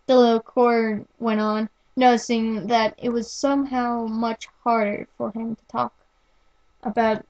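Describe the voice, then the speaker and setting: A woman's voice: on the high side, flat delivery, a little slow, darkish tone, muffled recording. A young woman reading fan fiction aloud as an amateur, stumbling and restarting words often. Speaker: amateur reader.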